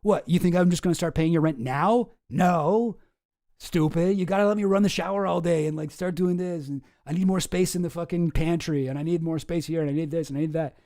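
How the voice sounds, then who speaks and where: A man's voice: a little high, fairly quick, warm tone, no echo, studio quality, lightly acted. A man voicing a smug, pushy young male roommate who talks down to people. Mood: dismissive. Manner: dismissive, condescending.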